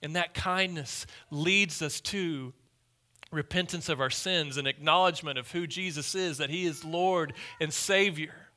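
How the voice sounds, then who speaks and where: A man preaching a sermon as pastor, emphatic and repetitive, dropping to hushed lines and then rising loud. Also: fairly high pitch, unhurried.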